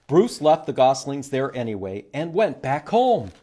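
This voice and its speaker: A man reading a picture book aloud to children as a librarian, animated and stopping to ask them questions. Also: medium pitch, a little slow. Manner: animated, asks the listeners questions.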